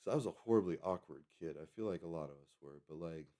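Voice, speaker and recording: His deep, warm voice moves at a quick pace as this man in his thirties chats on a live stream. He's digressive, hopping between topics and self-correcting throughout.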